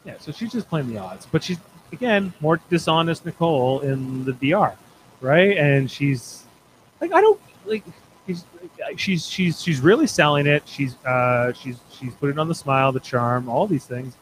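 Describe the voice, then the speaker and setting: A man's voice: a little high, animated, normal speed, a little hiss or hum, poor audio. A man hosting a casual chat show, rambling and restarting his sentences as he talks it through. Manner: rambling, restarts often, conversational. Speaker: podcast host.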